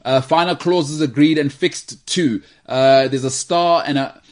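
A South African man hosting a casual football podcast, animated and joking as he tells stories. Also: a little high, measured pace. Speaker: podcast host.

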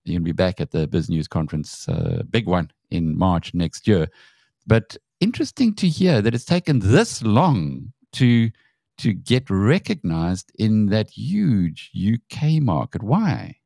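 A man's voice: fairly low pitch, very animated, measured pace, vocal fry, mellow, dry recording, clean studio sound. A man with a South African accent hosting an interview, asking long, winding, friendly questions. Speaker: interview host. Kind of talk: conversational interview.

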